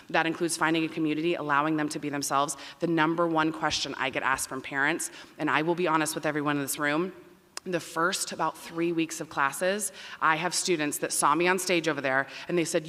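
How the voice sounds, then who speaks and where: A woman who works as a dean of students, giving a loud, emphatic welcome speech to families in a large auditorium. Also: deep voice. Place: large performing arts auditorium. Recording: long reverb in a big hall.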